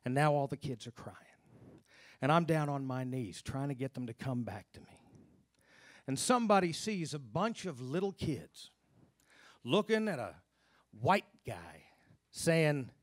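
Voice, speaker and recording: An earnest man tells a true story to a live audience, his mid-pitched voice sounding dry and close. He slows down and goes hushed and low when the story turns dark. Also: sing-song, no room sound. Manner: earnest, drops to hushed low tones at grim moments. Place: stage at a live storytelling event.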